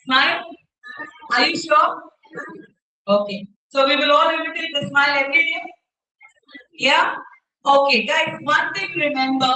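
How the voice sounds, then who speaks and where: A woman with an Indian English accent giving an interactive workshop to students as a soft skills trainer, often checking in with the audience and demonstrating gestures. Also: high-pitched, fairly even intonation, unhurried, pauses often. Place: university hall. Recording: roomy hall, mic far off.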